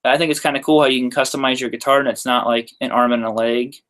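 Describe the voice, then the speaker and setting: A man's voice: medium pitch, fairly even intonation, fast, fairly bright tone. A young man, a guitarist, answering viewer questions in a casual live-stream Q&A. He is chatty and loose, often says "like" and "uh", and laughs lightly mid-sentence. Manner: laid-back, chatty, loose with frequent "like" and "uh".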